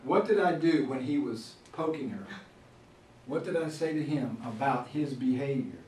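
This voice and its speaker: A man's voice: medium pitch, moderate pace, darkish tone. A man in his fifties from Florida, lecturing a workshop on classroom management and acting out scolding teachers and students along the way. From Florida, USA. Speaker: teacher trainer. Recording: echoey room, distant mic, faint noise.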